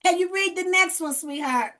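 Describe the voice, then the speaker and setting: A woman with a very high, pushed, bright voice hosts a group video call, speaking at normal speed. She leads the session energetically, coaching and coaxing participants and repeating phrases for emphasis.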